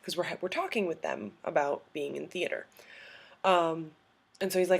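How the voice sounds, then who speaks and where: A young adult woman telling a story in a casual vlog, gushing and excitable, full of "like" and "um". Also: deep voice, moderate pace, gravelly, slightly rough. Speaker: vlogger.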